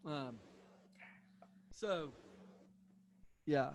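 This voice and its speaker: A man's voice: fairly high pitch, drawn-out words, darkish tone, a little hiss or hum. A man co-hosting a podcast in casual chat, teasing his partner and laughing often. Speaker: podcast co-host.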